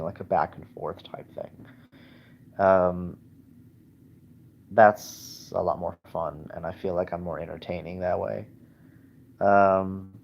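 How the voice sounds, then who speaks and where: Deep-voiced man rambling hesitantly. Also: a little mellow, slight background noise. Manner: hesitant, halting, lots of fillers and restarts; self-deprecating, candid. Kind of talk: casual rambling livestream chat. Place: in bed at home.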